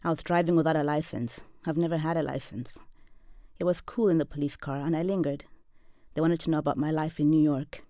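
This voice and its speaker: A woman in her forties from Zambia reads her own first-person story in a measured, wry, deadpan delivery. Her voice sits very low for a woman. It is recorded close and dry, with no room sound. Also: dry recording. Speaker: professor and storyteller.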